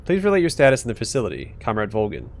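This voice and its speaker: A man's voice: lowish voice, huge pitch swings, rapid-fire. A man voicing an officious Soviet bunker computer that speaks stiffly and adds beeps and boops to its lines.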